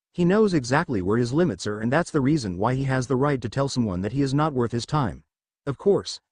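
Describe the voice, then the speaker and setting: A man reading a fan fiction story aloud as narrator, at a steady, even reading pace. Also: mid-range voice, no room sound.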